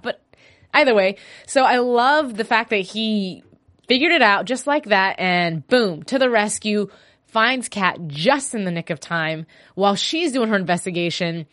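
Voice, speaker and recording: A woman hosts a fan after-show podcast all by herself, chatting casually. Her delivery is animated and gushing, with loose, conversational phrasing. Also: medium pitch, moderate pace. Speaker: solo podcast host. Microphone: podcast mic.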